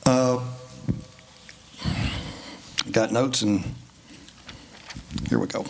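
A man preaching a folksy, conversational sermon in a church, building to emphatic high points. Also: fairly even intonation, drawn-out words, gravelly, darkish tone. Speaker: lay preacher. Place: church sanctuary. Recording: faint background noise.

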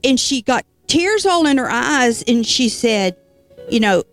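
A woman preacher delivering a conversational sermon, telling a story in a lively, folksy way and turning to the listeners with casual asides. Her voice sits fairly high, and soft music plays quietly behind her. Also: measured pace.

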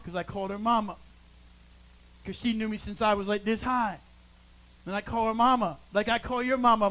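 A middle-aged pastor preaching a sermon, swinging from loud calls to hushed, quiet lines. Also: male voice, high-pitched, brisk, poor audio.

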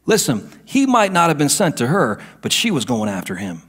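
A middle-aged male pastor preaching a sermon, moving between hushed asides and emphatic declarations. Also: medium pitch, huge pitch swings, normal speed, hardly any pauses, slightly rough.

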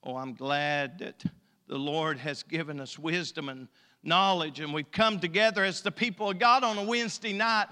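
A male pastor preaching a sermon, emphatic and folksy, his loudness rising and falling. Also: on the high side, moderate pace, clean tone. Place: church sanctuary. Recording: long church hall reverb.

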